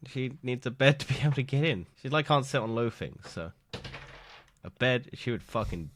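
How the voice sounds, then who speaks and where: A man's voice: medium pitch, lively intonation, moderate pace, a bit bright. A man who is sick, co-hosting a podcast in casual chat, rambling and joking with lots of fillers and laughs. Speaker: podcast co-host. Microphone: studio microphone.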